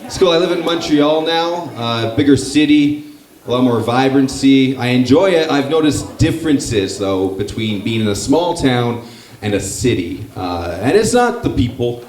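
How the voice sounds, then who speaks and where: In an echoey comedy club full of people, a young Northern Ontario comic jokes around with the audience, casual, foul-mouthed, and quick to mock himself. His voice is medium in pitch and somewhat dark, with a sing-song lilt at a moderate pace.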